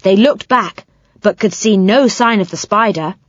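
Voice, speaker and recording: A woman narrating a children's audiobook with expressive, animated storytelling. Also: medium pitch, a little slow, no room sound, lo-fi sound.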